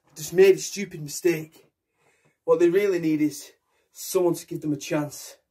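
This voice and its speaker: Young guy doing a stage monologue, intense and raw, high voice and a bit husky. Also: steady tone, moderate pace, mellow. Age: young adult. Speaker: actor. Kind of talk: solo theatre monologue.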